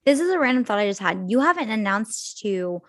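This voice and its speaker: A woman's voice: mid-range voice, big pitch swings, brisk, a bit bright, no room sound, clean studio sound. A young woman co-hosting a podcast, laid-back in casual chat and swearing casually. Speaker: podcast co-host.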